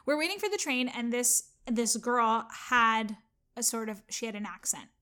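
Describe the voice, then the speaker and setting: A Canadian woman chatting with a friend, telling a story in an animated way and acting out what people said. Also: fairly high pitch, normal speed. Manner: animated storyteller, acts out quotes. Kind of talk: casual chat.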